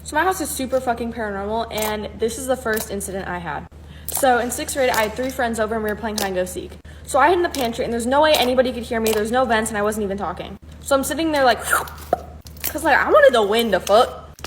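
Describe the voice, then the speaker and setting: A woman's voice: on the high side, quick pace, slight background noise. A text-to-speech woman's voice telling a spooky story in a casual, blunt manner full of slang.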